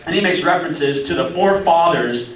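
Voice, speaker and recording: A man's voice: on the high side, expressive, brisk, lo-fi sound, a little hiss or hum. Young man doing nervous open-mic stand-up. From Oregon, USA. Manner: nervous, rambling, laughs at own jokes. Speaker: stand-up comedian. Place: comedy club stage. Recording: echoey club recorded from far off.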